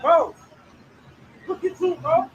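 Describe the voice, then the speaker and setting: A man heckling and mocking someone in a phone video, repeating his taunts and yelling. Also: extremely high pitch, slow, lo-fi sound, a little hiss or hum.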